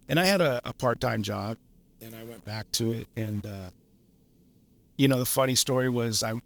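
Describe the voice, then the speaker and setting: A man's voice: on the low side, vocal fry. A man, a lineman guest from Los Angeles, telling stories in a laid-back way, swearing freely and laughing as he goes. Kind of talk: casual storytelling.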